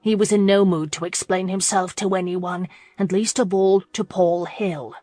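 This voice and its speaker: A woman narrating a romance audiobook in a steady, measured way. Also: medium pitch, no echo. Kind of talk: scripted narration.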